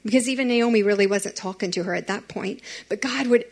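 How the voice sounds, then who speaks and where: A young woman, giving a chatty, animated youth sermon and talking straight to teenagers. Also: mid-range voice, brisk. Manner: chatty and animated, addressing teens directly.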